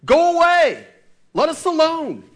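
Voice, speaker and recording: A man voicing a hostile unclean spirit that shouts out through a possessed man, loud and agitated, higher than his own voice. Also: animated, moderate pace.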